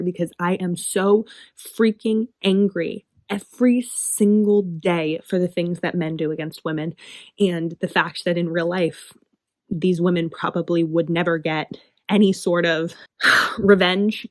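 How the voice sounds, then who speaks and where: Low-voiced woman book vlogger, dry sound. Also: no echo. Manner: passionate, emphatic, frequent fillers. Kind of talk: casual book review vlog.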